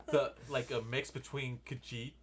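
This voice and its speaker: A man playing a tabletop game, joking and quick to laugh as he declares his character's actions. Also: mid-range voice, level tone. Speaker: player. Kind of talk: casual tabletop play.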